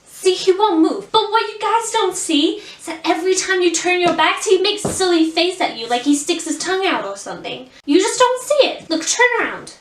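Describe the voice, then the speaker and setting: A bubbly, brave young princess with an American accent, put on by a woman. Her high voice bounces in a sing-song, excitable way. The sound is roomy and set back from the mic. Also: normal speed. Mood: playful. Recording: roomy echo, mic at a distance.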